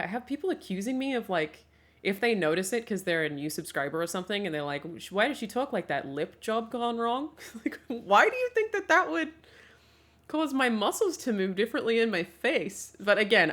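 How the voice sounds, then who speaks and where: A woman's voice: lowish voice, fairly bright tone. A young woman talking casually to her livestream chat, often laughing and swearing freely, at a home setup with a desk mic. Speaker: streamer.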